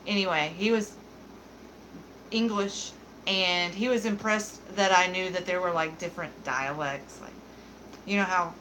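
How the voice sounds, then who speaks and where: A woman's voice: lowish voice, fairly even intonation, unhurried, pauses often, fairly bright tone, slight background noise, rough recording. A young adult woman hosting a beauty livestream, chatting casually with viewers in a giggly, candid, joking way. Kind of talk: casual livestream chat, reading viewer comments.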